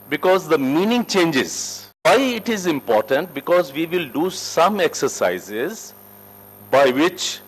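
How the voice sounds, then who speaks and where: A man leads a corporate soft skills class in a fairly high voice. He moves through sweeping rises and drops in pitch and loudness, putting questions to the group and then answering them himself. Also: low-quality recording. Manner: emphatic, lively teacher with wide shifts in pitch and loudness. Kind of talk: classroom lecture. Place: training room with a group.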